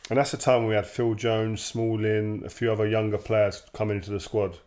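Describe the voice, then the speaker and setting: A man, a former footballer telling stories in casual chat, animated, laughing and acting out quoted dialogue. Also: fairly low pitch, fairly quick.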